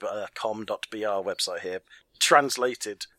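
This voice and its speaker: A man's voice: on the low side, unhurried, pushed and bright, no echo. Jokey man, dry close sound. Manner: chatty, jokey, laughs mid-sentence. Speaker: podcast co-host. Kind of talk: casual chat about football kits.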